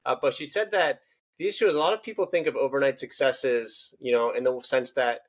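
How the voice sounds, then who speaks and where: A man hosts a podcast and talks fast in a mid-range voice. He speaks casually and encouragingly, leaning often on "you know.". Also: medium pitch. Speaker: podcast host. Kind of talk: casual interview chat.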